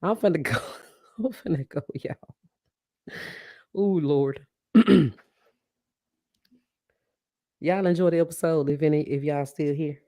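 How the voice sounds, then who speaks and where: A woman's voice: low-pitched, measured pace, pauses often, dark tone, no echo, clean studio sound. A woman hosting a live podcast, talking casually and animatedly to her listeners, often laughing and calling them y'all. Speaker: podcast host. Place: live stream reading comments.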